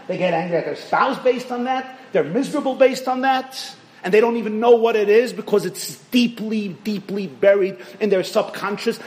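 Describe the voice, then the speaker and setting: A man giving a sermon as a rabbi, telling stories animatedly, questioning the audience directly, and swinging sharply between loud and hushed. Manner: animated storytelling, rising and dropping sharply in pitch and volume.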